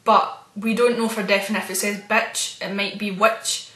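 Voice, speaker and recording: A woman vlogs casually at normal speed, her mid-range voice delivered flatly with a roomy echo around it. She tells a meandering, spooked story about her experiences, chatting away with soft spooked asides.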